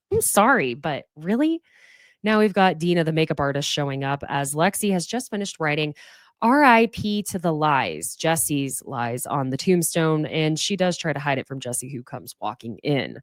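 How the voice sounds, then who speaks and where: Woman recapping reality tv, lower voice but super animated, sarcastic, swears a lot, dry close sound. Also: measured pace, no echo. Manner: sarcastic, swears freely, mocks cast members in put-on voices. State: fighting off sneezes. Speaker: podcast host.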